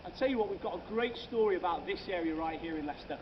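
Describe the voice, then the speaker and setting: A man's voice: sits high, expressive, racing, recorded from a distance. A man, leading a comic ghost walk outdoors at night and telling tales to his group with theatrical flair. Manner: theatrical, jokey, addresses the crowd as sir and madam. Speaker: ghost walk tour guide. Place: outdoors on city streets at night. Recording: lo-fi with loud street noise.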